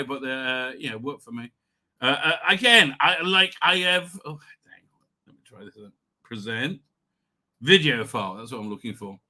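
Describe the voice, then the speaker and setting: A middle-aged man hosting a live stream, tipsy and rambling with many halting restarts. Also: on the high side, bright, forceful tone.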